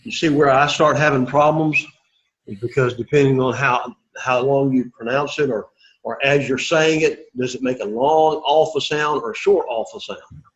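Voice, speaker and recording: A man teaching Greek to a class, coaxing students and repeating words slowly for pronunciation. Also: medium pitch, lo-fi sound. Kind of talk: classroom lesson.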